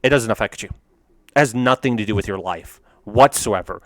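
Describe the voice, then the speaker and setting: A man's voice: lowish voice, fairly quick, fairly bright tone, no room sound, studio quality. A man giving casual reaction commentary on memes, ranting and profane, laughing often.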